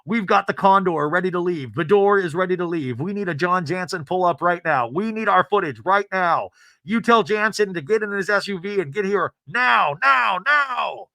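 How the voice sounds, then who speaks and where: A man doing a panicky TV producer shouting urgent orders to his crew. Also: sits high, expressive, normal speed, vocal fry, no echo, voice pushed up, full character voice. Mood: panicked.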